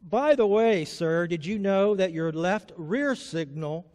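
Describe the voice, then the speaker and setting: A pastor doing a polite police officer. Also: male voice, high-pitched, animated, takes it slowly, darkish tone, big-room sound. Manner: formal, courteous.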